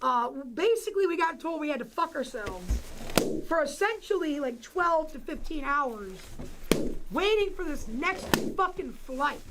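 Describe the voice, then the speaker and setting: Woman streamer chatting to chat, high pitched, slow talker, lots of whoops and swearing. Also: heavy background noise. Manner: animated, swears freely, frequent exclamations. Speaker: livestream host. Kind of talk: casual livestream chat.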